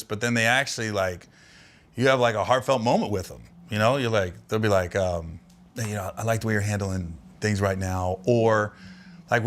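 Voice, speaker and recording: Male comedian guest, bright and forceful tone, lively anecdote-teller from Ohio, casual podcast chat. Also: lowish voice. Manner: animated storyteller, laughing through anecdotes.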